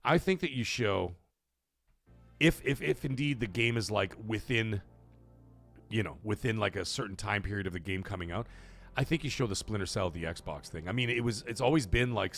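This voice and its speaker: A man in his thirties hosting a live gaming stream, chatting and reading viewer super chats, breaking into loud excited shouts. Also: on the low side, a little fast, faint music behind. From Canada. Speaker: host of a gaming livestream.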